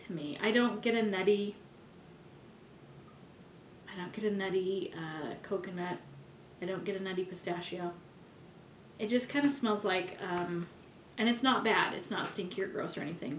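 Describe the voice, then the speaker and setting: A chatty woman rambles through a casual product review, breaking off now and then for giggly asides. Her voice sits at an ordinary middle pitch. The sound is dull and roomy, like a camera's built-in mic picking her up at home. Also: a little hiss or hum. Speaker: vlogger reviewing wax melts. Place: room at home.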